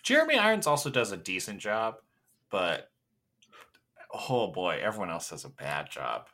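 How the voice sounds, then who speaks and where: Brief: blunt co-host, man, fairly low voice with a bright edge and lively pitch. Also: moderate pace. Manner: blunt, dry, curses when criticizing. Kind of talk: casual movie review chat.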